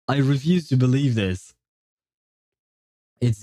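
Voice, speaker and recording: Mellow-voiced man streamer with a French accent. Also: lowish voice, unhurried, no room sound, studio quality. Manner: rambling, self-correcting, laughs often. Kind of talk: casual livestream chat.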